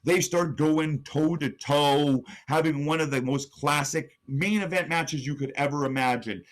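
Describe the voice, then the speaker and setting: Excitable man narrating wrestling play-by-play. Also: fairly high pitch, a little slow. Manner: excitable, building hype with sudden rises. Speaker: podcast co-host. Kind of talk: animated play-by-play storytelling.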